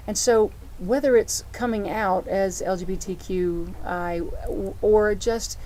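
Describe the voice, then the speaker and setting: This is a middle-aged woman pastor preaching a conversational sermon, with a mellow, warm voice at an ordinary pitch. She tells her stories in a heartfelt, personal way and often restarts her sentences. A faint noise sits underneath. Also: fairly even intonation, slow, few pauses.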